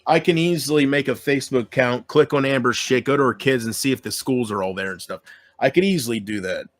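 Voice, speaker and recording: A man's voice: mid-range voice, fast talker. A man YouTuber in an emotional solo rant to his viewers, aggrieved and self-pitying, swearing often and trailing off mid-sentence.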